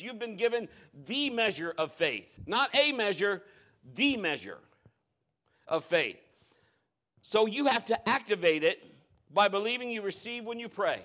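Middle-aged male pastor, higher-pitched voice, emphatic sermon delivery with loud declarations and quiet asides.

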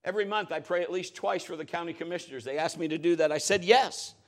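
A middle-aged man preaching a sermon, telling a story with lively shifts and acted-out voices. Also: a little high, fast talker. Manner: animated storytelling, acting out voices and shouting at peaks. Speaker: pastor.

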